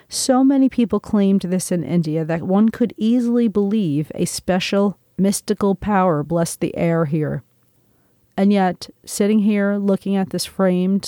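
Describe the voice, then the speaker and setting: A woman's voice: fairly low pitch, warm tone, no echo, studio quality. A woman reading her own memoir aloud in the first person, with an intense, dramatic storytelling delivery. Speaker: memoir narrator.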